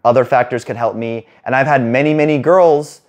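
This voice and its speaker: A man working as a dating coach, talking fast and rambling in a casual monologue to camera, with some swearing. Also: medium pitch, steady tone. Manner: rapid, rambling, casual with profanity.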